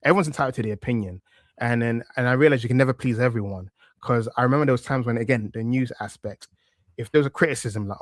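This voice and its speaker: He's a fast talker with a mid-range voice: a man in his thirties from East London, accent thick, appearing on a podcast as a wrestling media presenter. The casual interview chat is relaxed and reflective, peppered with fillers and restarts, in a dry studio-quality recording.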